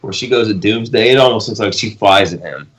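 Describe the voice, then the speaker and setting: A man co-hosting a podcast in animated, casual chat, talking fast and filling his speech with asides. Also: lowish voice. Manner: animated, talks over others, lots of fillers. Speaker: podcast co-host.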